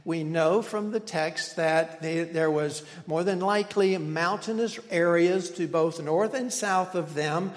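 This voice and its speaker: A man preaching a sermon as pastor, earnestly walking through scripture and putting questions to the congregation. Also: sits high. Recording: long reverb of a large room.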